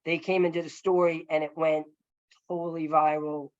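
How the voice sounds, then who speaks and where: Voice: medium pitch, little pitch movement, normal speed, no echo. Filmmaker guest, earnest storytelling, rambling with fillers, muffled lo-fi call audio. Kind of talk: casual storytelling over a video call. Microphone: video call.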